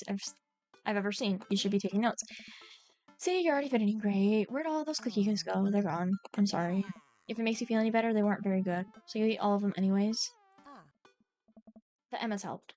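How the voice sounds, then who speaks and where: A young woman streaming a dating game, reading the dialogue and breaking off to chat. She is giggly and scattered, hopping between topics at a middling pitch, with faint music playing behind her. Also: vocal fry, darkish tone.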